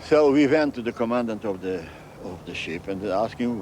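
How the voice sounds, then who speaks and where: Older man telling memories haltingly. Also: lowish voice, lively intonation, darkish tone, a little hiss or hum. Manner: halting, repeats phrases, non-native English grammar. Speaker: interviewee recounting memories. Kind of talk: storytelling interview.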